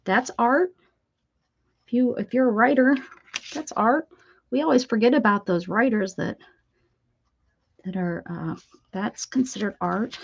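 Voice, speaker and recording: A woman's voice: mid-range voice, animated, slow pace, gravelly, long pauses, breathy edge, muffled recording. A woman hosting a casual live crafting stream, chatty and bubbly, greeting viewers and laughing. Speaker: craft video host.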